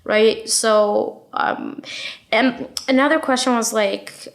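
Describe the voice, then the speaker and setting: A woman in casual chat as a guest author, blunt and profane, full of fillers and quick restarts. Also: fairly high pitch, vocal fry. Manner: talks fast with many fillers and restarts.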